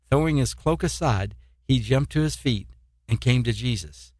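A man's voice: medium pitch, animated, normal speed, darkish tone, no echo, clean studio sound. A man preaching an informal sermon in a plain, earnest way, often restarting his sentences. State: eye pain, poor sleep.

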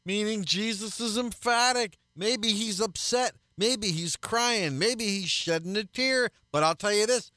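A man's voice: sits high, very animated, a little slow, few pauses, sharp tone, no room sound. Earnest male radio preacher, dry studio sound. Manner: earnest, builds to emphatic repeated refrains. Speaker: pastor and radio Bible teacher. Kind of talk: radio Bible teaching.

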